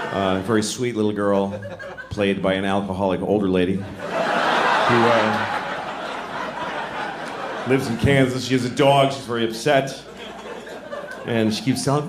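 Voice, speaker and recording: A middle-aged man doing a stand-up comedy set in a large venue, talking in an animated way and acting out voices. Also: normal speed, long pauses. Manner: animated, acts out voices with big jumps in pitch. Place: large venue with a live audience. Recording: roomy live hall with crowd noise. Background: audience laughter.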